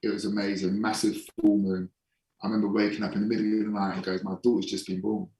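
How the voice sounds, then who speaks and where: A man with a low voice tells his story in a casual podcast interview, frank and sometimes swearing, slowing down to stress points. His voice sits somewhat back from the microphone in an echoey room. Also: little pitch movement, dark tone, far from the mic. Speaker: podcast guest, holistic performance coach.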